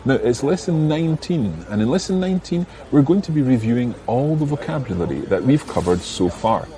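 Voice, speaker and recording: A man teaching a podcast language lesson, patiently giving phrases and slowing down to model pronunciation. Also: mid-range voice, lively intonation, mellow.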